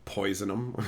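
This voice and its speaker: A middle-aged man hosting a casual livestream, swearing freely and bouncing between chat topics. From Canada. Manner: animated, swears a lot, mimics chatters in high silly voices. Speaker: livestream host.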